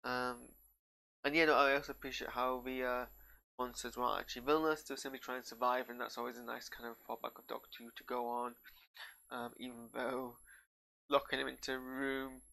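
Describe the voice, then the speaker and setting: Here a male show reviewer with a northern English accent talks fairly quickly in a mid-range, level voice with vocal fry and a sharp tone. He loosely reacts to a TV episode, straying into tangents and frequently losing the thread.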